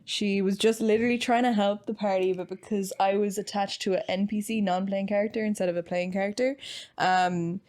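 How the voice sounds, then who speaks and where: A woman's voice: mid-range voice, fairly even intonation, brisk, darkish tone. A young woman chatting casually as a podcast guest, telling rambling stories full of fillers. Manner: rambling, filler-heavy storytelling. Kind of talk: casual chat.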